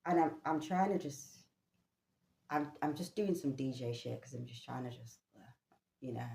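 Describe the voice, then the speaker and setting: A vlogger with a low-pitched, gravelly voice tells a personal story at normal speed, animated and casually swearing. Her voice rings out in an echoey room.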